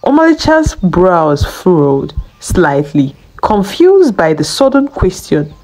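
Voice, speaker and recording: Female storyteller, unhurried folktale narration, lively melodic pitch. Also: soft background music, low-quality recording. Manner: slow, lilting storytelling delivery.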